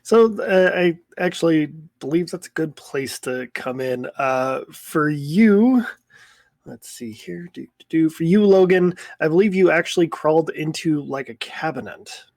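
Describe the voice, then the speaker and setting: A man running a tabletop role-play as game master, narrating in a relaxed, plain way. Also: a little high, unhurried, no echo.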